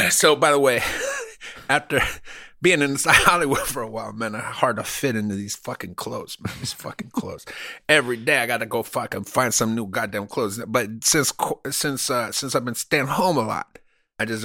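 A man's voice: medium pitch, creaky, sharp tone, dry recording, studio quality. A man doing a swaggering fake-Cuban Hollywood insider. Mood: bragging. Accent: exaggerated fake movie Cuban accent. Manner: swaggering, bragging, drawn-out "man" tags. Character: boastful male Hollywood insider with fake gangster accent.

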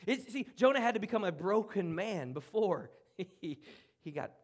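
A man pastor preaching a sermon in a church room, earnest, with dramatic pauses and drops to a hush. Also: sits high, sing-song. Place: church room, speaking from the front.

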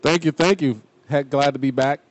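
A man co-hosting a casual sports podcast, animated and emphatic in his opinions. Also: on the high side, normal speed. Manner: animated, talks with emphatic conviction. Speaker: podcast co-host.

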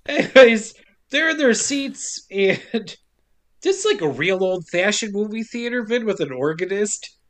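A young man co-hosting a casual comedy podcast, recapping a story with jokes and quick silly voices. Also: high-pitched, expressive, fairly bright tone. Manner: jokey, does quick silly voices for characters, laughs often. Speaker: podcast co-host.

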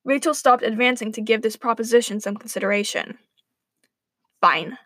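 A woman's voice: a little high, steady tone, fast, fairly bright tone, dry recording. A woman narrating a playful, wry story aloud.

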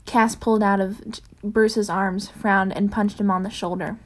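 A woman's voice: mid-range voice, fairly even intonation, moderate pace. Woman reading a story, unpolished. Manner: unpolished, corrects her own slips. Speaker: reader. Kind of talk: reading fan fiction aloud.

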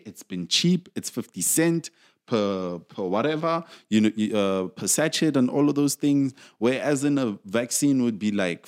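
A South African man in the middle of an angry rant, pushing hard on his words. He trips over himself with restarts, jumps up into loud, high outbursts and drops back down into low, muttered asides. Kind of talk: casual ranting commentary.

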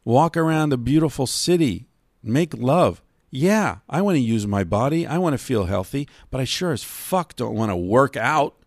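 A man hosting a solo podcast, ranting profanely, dropping low and calm and then rising loud and high. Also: creaky, no room sound, studio quality. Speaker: podcast host.

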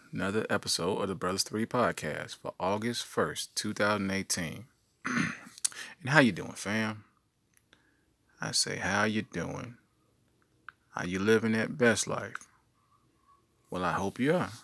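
A man's voice: lowish voice, a little slow, long pauses, fairly bright tone, dry recording. A man hosting his own podcast, telling rambling stories in a playful, slangy manner. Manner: playful storyteller, slangy asides. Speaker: podcast host. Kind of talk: casual solo podcast monologue.

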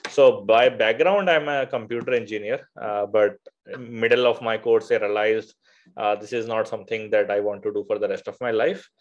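Hesitant Indian man, low voice. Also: fairly even intonation, moderate pace, dull audio. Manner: hesitant, many filler uhs and restarts. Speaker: podcast guest, venture fund founder. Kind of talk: conversational interview.

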